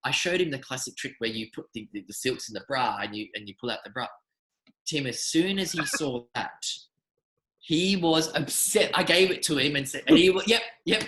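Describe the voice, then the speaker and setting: A man, a magician, telling animated, rambling anecdotes in a casual interview. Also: medium pitch, moderate pace, reverberant, slight background noise, low-quality recording. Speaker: magician guest.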